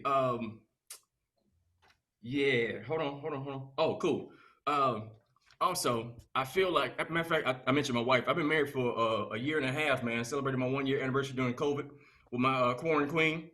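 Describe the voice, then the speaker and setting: A young adult man doing a stand-up comedy set, telling loose, animated stories and laughing often. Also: mid-range voice.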